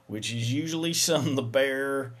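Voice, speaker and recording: Rambling deadpan comic man. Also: mid-range voice, moderate pace. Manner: rambling, acts out both sides with sudden shouts. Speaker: comedic monologue performer. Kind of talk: deadpan comedic monologue.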